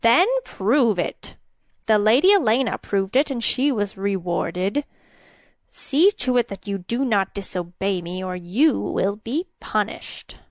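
A woman voicing an excitable, gold-obsessed king who sobs, rages and pleads. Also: mid-range voice, takes it slowly, no room sound. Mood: stern threat. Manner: sobbing, raging, then pleading.

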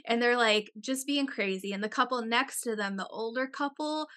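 A young woman with a bright, forward voice pitched a little high. She tells a story in casual chat, animated and swearing freely, with "like" in nearly every phrase. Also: normal speed. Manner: animated, profane storytelling full of "like".

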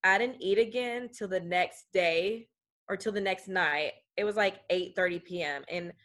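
A woman's voice: mid-range voice, moderate pace, a bit bright. Outspoken young woman, emphatic. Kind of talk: casual conversation.

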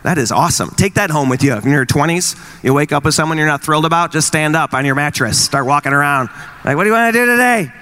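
A man's voice: a little high, fast, hardly any pauses, sharp tone. A man in his thirties doing a stand-up routine, with wry, exasperated stories about marriage and parenting. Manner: wry, exasperated dad storytelling. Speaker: stand-up comedian.

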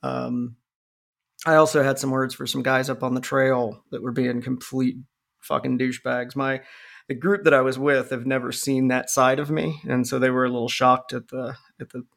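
A middle-aged man with a gravelly, fry-laden voice, swearing freely in relaxed chat. He rambles through stories and acts out the other people in them. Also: mid-range voice, moderate pace. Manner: profane, rambling storyteller acting out quotes. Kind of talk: casual chat.

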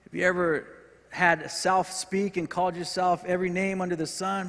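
A man's voice: high voice, level tone, moderate pace. Earnest preacher man in a reverberant hall. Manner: earnest preaching, rising in intensity and dropping to soft, repeated words. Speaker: pastor. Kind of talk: sermon. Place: church sanctuary.

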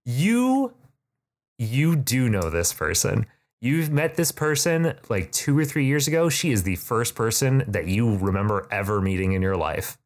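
A man runs a tabletop game as game master and narrates the scene with lots of "uh" and "um." His pitch rises and falls a lot. The narration rambles but stays easygoing. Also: big pitch swings, a little slow. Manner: rambling, filler-heavy narration.

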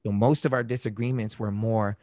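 A man in casual conversation about relationships, animated, acting out quoted arguments in raised voices. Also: fairly low pitch, a little fast, no room sound, studio quality.

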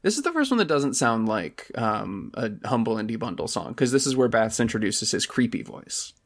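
A man's voice: medium pitch, sing-song, normal speed. A man co-hosting a podcast in laid-back, joking casual chat. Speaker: podcast co-host.

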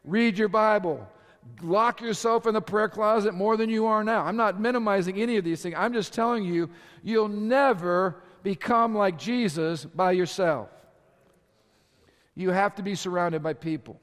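Preacher with hall reverb. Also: male voice, high-pitched, normal speed, a bit bright. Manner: preaches with rising volume and rhetorical questions to the congregation. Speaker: pastor. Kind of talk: sermon.

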